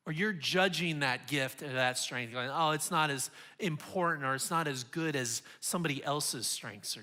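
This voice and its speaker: A man's voice: on the high side, sharp tone. A man in his forties giving a sermon as a guest speaker, earnest and confessional, often restarting his sentences.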